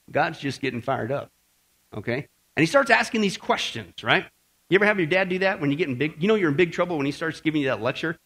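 Husky, lively-voiced man teaching the Bible. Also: fairly high pitch, fairly quick. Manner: conversational, keeps checking in with "okay?" and "right?"; jokey, uses slang. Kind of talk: sermon-style Bible lesson to a group.

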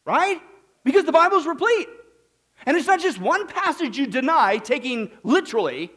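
A man's voice: extremely high pitch, big pitch swings, moderate pace, a bit bright. A man preaching a sermon, reading verses and putting emphatic questions to the congregation. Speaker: pastor.

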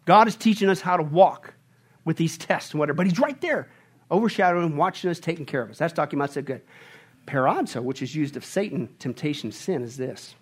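A middle-aged man preaching a sermon, conversational and animated, often tagging his points with "right?" and acting out family stories with playful voices. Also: fairly high pitch, brisk, husky. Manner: acts out family scenes with playful put-on voices. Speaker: pastor.

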